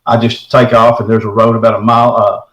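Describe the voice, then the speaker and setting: A man's voice: medium pitch, little pitch movement, fast, roomy sound, rough recording. A middle-aged man from the States. He earnestly recounts a personal encounter as a caller, in a folksy way. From Texarkana area, southern United States. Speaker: caller telling his encounter.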